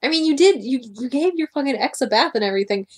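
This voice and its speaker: A young woman co-hosting a casual podcast, chatting and reading book passages aloud with animated voices. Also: sits high, fast. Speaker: podcast co-host.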